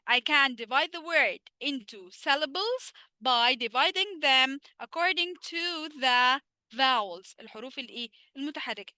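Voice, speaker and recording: A woman with an Egyptian accent, a native Arabic speaker, teaching a live online English lesson. She asks questions and answers them herself, says her English slowly and her Arabic asides fast. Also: high-pitched, bright, forceful tone, no room sound.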